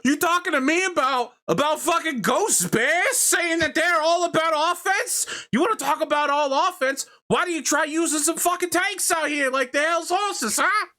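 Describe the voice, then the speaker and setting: A man's voice: moderate pace, few pauses, pushed and bright. A man voicing a brash, ranting male commentator with a put-on New York accent. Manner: ranting, high-pitched, heckling.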